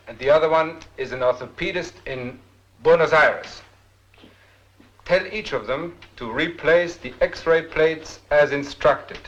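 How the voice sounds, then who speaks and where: An actor playing a middle-aged industrialist in a film drama, mocking and irreverent, snapping orders in between jokes. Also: male voice, a little high, fairly bright tone. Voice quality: wry and mocking, abruptly commanding. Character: sardonic, irreverent, paranoid rich old man. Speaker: rich industrialist.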